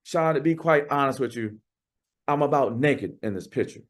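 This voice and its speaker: A man's voice: mid-range voice, lively intonation, lightly acted. A man doing a trembling, embarrassed employee. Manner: trembling, hushed, halting. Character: nervous embarrassed male employee.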